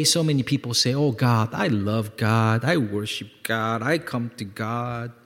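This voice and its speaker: A male pastor preaching a sermon, emphatic and repetitive, swinging from loud peaks to quiet lows and calling on the congregation to respond. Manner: repeats words for emphasis, asks congregation to respond. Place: church sanctuary. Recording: long hall reverb.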